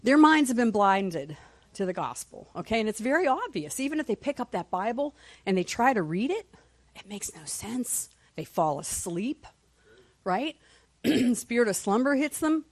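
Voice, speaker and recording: Woman Sunday school teacher, lively swooping pitch, dry close sound, passionate. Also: moderate pace, no room sound. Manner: passionate, animated, reads scripture aloud. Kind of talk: church teaching. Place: church.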